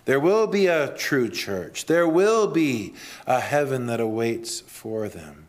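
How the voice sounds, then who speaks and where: A man preaching a sermon. He builds to loud emphatic peaks, then drops low and quiet, and reads scripture and creeds in a measured cadence. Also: very animated.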